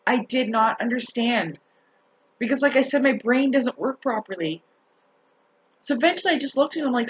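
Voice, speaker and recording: A woman telling a story in a casual rant to her viewers, animated, swearing and laughing as she talks. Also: sits high, fairly quick, slight background noise, rough recording. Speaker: vlogger.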